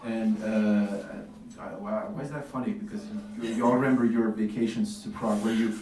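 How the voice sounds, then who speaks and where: A man's voice: fairly low pitch, steady tone, normal speed, warm tone. A man doing a stand-up comedy set in a small café club, telling loose stories, acting out dialogue and laughing at his own jokes. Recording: echoey café recorded from far off.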